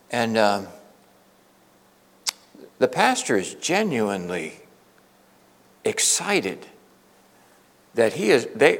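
A middle-aged male preacher tells a story from the pulpit in an earnest, conversational way, often circling back to restart a thought. His voice has a gravelly edge and a mid-range pitch. The sound rings with a long reverb from a large church hall. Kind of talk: storytelling sermon.

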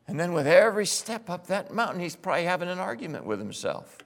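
A man preaching a sermon, telling a story dramatically and swinging between loud bursts and hushed passages. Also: high-pitched, big pitch swings, a little fast. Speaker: pastor.

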